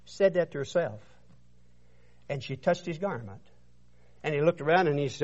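A man's voice: on the high side, expressive, normal speed, long pauses, dark tone. A man preaching a sermon, retelling scripture in an emphatic storytelling manner and often repeating words. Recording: dull muffled recording.

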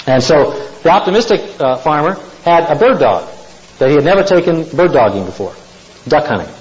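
A man's voice: a little high, very animated, brisk, lo-fi sound. A man preaching to a congregation, telling folksy stories and asking the listeners questions. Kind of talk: sermon.

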